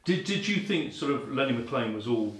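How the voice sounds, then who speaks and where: A male podcast host asks relaxed questions, often ending them with a tag like "wasn't he". His voice sits at a middle pitch. The room gives his voice a clear echo. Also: normal speed. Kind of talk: casual interview questions. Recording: echoey room.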